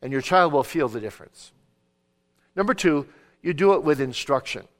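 Man, middle-aged, sermon-style talk, earnest, fairly high voice, emphatic then hushed. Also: lively intonation. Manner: earnest, swings between emphatic preaching and quiet storytelling; quotes scripture with measured emphasis. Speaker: conference speaker on parenting.

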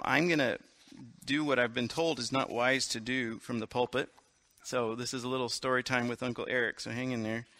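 A man's voice: mid-range voice, pushed and bright, no room sound, clean studio sound. A man preaching a sermon from the pulpit, reading a story aloud with casual, self-correcting asides. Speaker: pastor.

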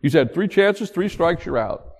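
An older man preaching a sermon, telling the story in an animated way and joking with the congregation. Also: a little high, moderate pace, husky. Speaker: pastor. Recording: long hall reverb.

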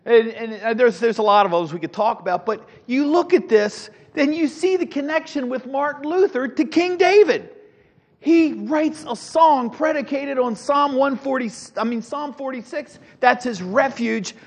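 A middle-aged man teaching a Sunday school class, animated, with rhetorical questions and frequent restarts. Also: extremely high pitch, moderate pace. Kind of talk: Bible teaching. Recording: dull lo-fi sound with long hall reverb.

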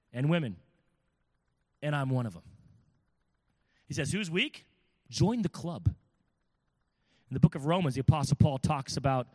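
Male pastor, sermon delivery, dynamic loud-to-hushed, somewhat high-pitched, reverberant hall. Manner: expository preaching with scripture readings, dynamic swings from loud to hushed.

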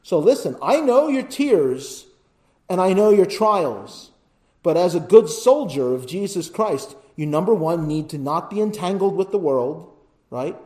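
A man with a high voice preaching a sermon as pastor. He builds to loud, emphatic lists and then drops to quiet pleading. He keeps checking in with his listeners by asking "right?". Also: expressive, a little slow. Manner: asks the congregation "right?".

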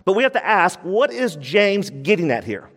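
Male pastor, high voice, emphatic sermon delivery with repeated points, church hall with long reverb. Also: very animated, normal speed, a bit bright. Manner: emphatic, repeats key phrases.

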